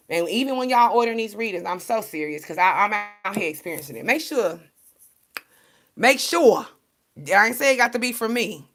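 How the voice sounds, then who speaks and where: Gravelly-voiced woman tarot reader, animated and preachy. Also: on the low side. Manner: animated, preachy, laughs often, swears casually. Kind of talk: casual spiritual pep talk to viewers.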